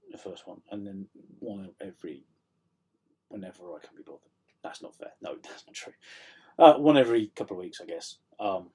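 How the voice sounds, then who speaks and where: A middle-aged man from South Yorkshire talks casually to camera from a room at home. His voice is low and husky, a little croaky. He rambles in a self-deprecating way, full of ums and false starts. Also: a little mellow. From South Yorkshire, England. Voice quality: slightly croaky. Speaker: author vlogging a writing update.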